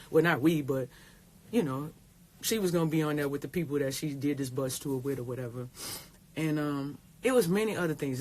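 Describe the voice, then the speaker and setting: A woman, talking in a rambling, tearful way on a phone livestream, repeating herself and swearing. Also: low-pitched. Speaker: pro basketball player. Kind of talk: casual livestream talk.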